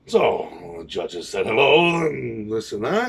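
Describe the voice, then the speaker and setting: A man's voice: mid-range voice, very animated, slow, creaky, fairly bright tone, breathy edge, distant mic. A man from Canada, a pirate band musician telling a wry, rambling story full of quoted dialogue. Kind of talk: casual storytelling.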